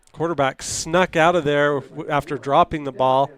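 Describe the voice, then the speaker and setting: A man doing play-by-play for a high school football game, chatty and quick to laugh. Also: fairly bright tone. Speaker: play-by-play announcer.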